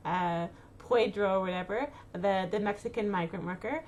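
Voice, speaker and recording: A woman's voice: mid-range voice, normal speed, darkish tone, slight background noise. A middle-aged woman giving casual spoken advice to mothers, talking with many fillers and restarts and acting out worried inner thoughts. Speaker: inspirational speaker to mothers.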